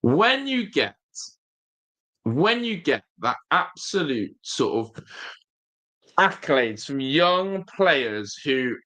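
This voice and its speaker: A man's voice: on the high side, big pitch swings, slow pace, pushed and bright. A man hosting a casual football fan stream, talking straight to viewers, emphatic and often repeating his phrases. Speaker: football fan channel host.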